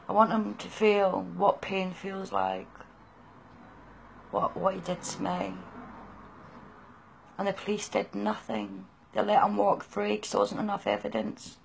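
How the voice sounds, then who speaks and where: A middle-aged British woman gives halting, raw, emotional personal testimony. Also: medium pitch, creaky, slightly rough. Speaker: person sharing her experience.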